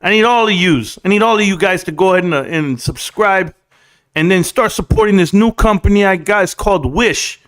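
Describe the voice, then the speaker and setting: A man hams up a loud, swaggering New York wise guy, pitched up higher than his usual voice, all streetwise slang and bragging in a put-on New York accent. It is a quick comic impression tossed off mid-livestream. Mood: boastful.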